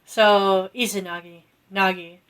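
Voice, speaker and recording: A woman co-hosting a casual podcast, retelling a myth in a rambling, giggly way with lots of swearing and quick character voices. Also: mid-range voice, fairly even intonation, a bit bright, smooth. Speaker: podcast co-host retelling myths. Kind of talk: casual chat.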